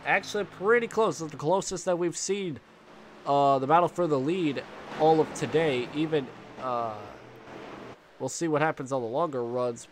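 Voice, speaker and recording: Stuffy-nosed young man calling a sim race. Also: on the high side. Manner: rambling with fillers and restarts, excited bursts at contact. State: stuffy, congested. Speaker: race commentator. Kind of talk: sim racing play-by-play commentary. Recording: faint engine noise behind.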